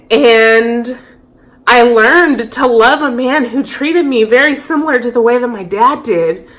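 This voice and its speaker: A woman's voice: a little high, measured pace, a bit bright. A woman in her thirties talking candidly and reflectively to camera in a personal vlog. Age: 30s. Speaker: vlogger.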